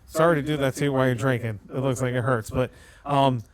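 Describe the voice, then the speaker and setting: A man's voice: mid-range voice, fairly even intonation, quick pace, a crowd in the background. A man co-hosting a podcast in casual chat, rambling with lots of fillers. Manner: rambling, filler-heavy, laughs along. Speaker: podcast co-host.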